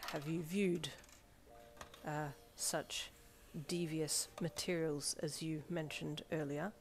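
Woman reading polite teenage boy, stiff formal speech, lowish voice, faint backing music. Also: fairly even intonation, slow pace. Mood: earnest polite. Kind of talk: fan fiction audiobook reading.

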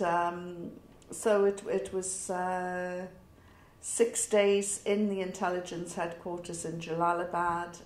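A middle-aged woman with a northern English accent tells a personal story in a reflective, wry way, with pauses and fillers. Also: on the low side. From north of England. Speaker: interviewee. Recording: roomy echo.

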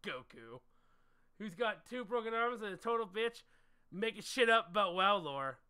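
A man streaming a card game with friends, reading cards aloud, swearing and laughing loudly. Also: sits high, animated, moderate pace, clear, resonant tone. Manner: loud, laughing, swears a lot. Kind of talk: casual game chat.

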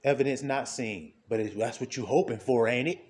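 Speaking at a fairly quick clip, this man preaches an informal sermon as if chatting, tossing out rhetorical questions and frequent laughs. His voice is a little mellow and shifts between quiet murmurs and loud, high exclamations.

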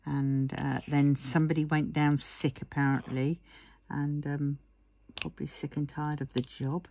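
A woman's voice: low voice, little pitch movement, measured pace, warm tone, slight background noise. A tired woman chatting in a rambling way while she works on a diamond painting, yawning and murmuring to herself. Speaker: craft vlogger.

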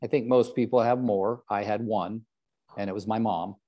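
A man's voice: fairly low pitch, fairly even intonation, moderate pace, mellow. An older man coaching real estate agents in a live group session, joking at his own expense and calling on trainees by name. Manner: joking, self-deprecating, calls on trainees by name.

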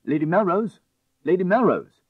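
A man's voice: high voice, big pitch swings, normal speed, slightly rough, dry recording, phone-quality sound, voice pushed up, heavily acted. A man voicing an impatient, eager young English nobleman who calls out in a raised voice. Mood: urgent.

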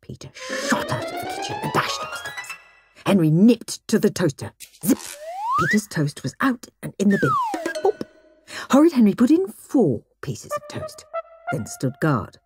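Woman reading a kids bedtime story, expressive, music playing under her. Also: sits high, normal speed.

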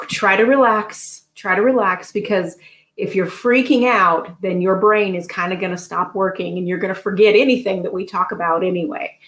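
A woman who educates new parents, answering interview questions in a calm, explanatory way. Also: on the low side. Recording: echoey room.

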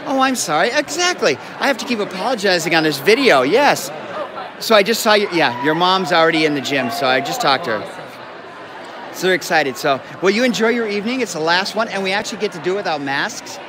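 Brisk and lively in intonation, this man's high-sitting voice carries over the loud chatter of a crowded school gym. He's an event host live streaming indoors, trading jokes with students and apologizing often.

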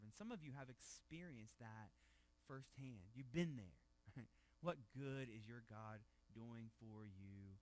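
Higher-pitched pastor preaching a sermon. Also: male voice, no room sound. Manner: conversational, repeats words, asks the room questions; swings from loud emphasis to hushed low tones.

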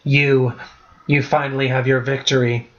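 A man's voice: mid-range voice, flat delivery, moderate pace, close to an everyday voice. A haughty, proud queen read by a man speaks in a mocking, lofty way. The recording is a little dull and lo-fi. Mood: fading.

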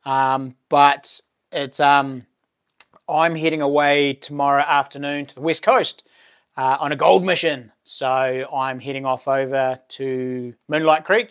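A man with a New Zealand accent hosting a casual live stream, chatting with viewers and reading out their comments in a laid-back, friendly way. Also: fairly high pitch.

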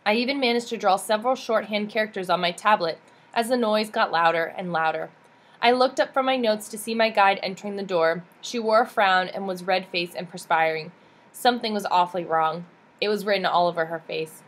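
A woman's voice: medium pitch, a little fast. Earnest woman reading a memoir aloud. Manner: steady, earnest storytelling. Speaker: audiobook reader.

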